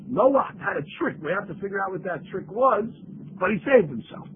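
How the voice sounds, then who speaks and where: Male preacher, emphatic and digressive, swooping high voice; phone-quality audio. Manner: animated, digressive, emphatic storytelling. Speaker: religious lecturer. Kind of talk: Torah sermon. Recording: tinny phone-like line with faint hiss.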